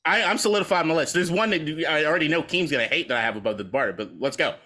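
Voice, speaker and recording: A man's voice: a little high, rapid-fire, bright, forceful tone. A man co-hosting a podcast, rambling through profane, opinionated movie talk in a casual debate. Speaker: podcast co-host.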